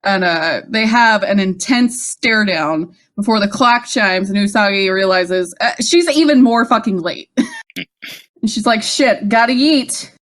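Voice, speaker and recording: A woman's voice: mid-range voice, moderate pace, few pauses, fairly bright tone. A woman co-hosting a casual podcast, recapping an episode with frequent laughs and swearing. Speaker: podcast co-host. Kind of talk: casual rewatch chat.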